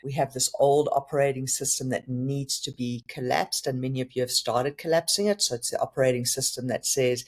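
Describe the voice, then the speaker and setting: A man's voice: medium pitch, steady tone, fairly quick, hardly any pauses, darkish tone. A middle-aged man co-hosting a spiritual podcast, talking earnestly and candidly about his own healing, with frequent restarts. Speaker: podcast co-host. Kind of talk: reflective spiritual talk.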